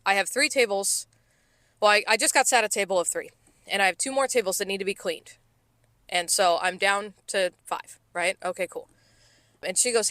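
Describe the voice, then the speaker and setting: Bright-voiced woman in her thirties. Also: medium pitch, normal speed, no echo. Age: 30s. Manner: animated, profane, acts out coworkers' lines. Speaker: podcast co-host, restaurant server. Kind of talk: casual chat, storytelling.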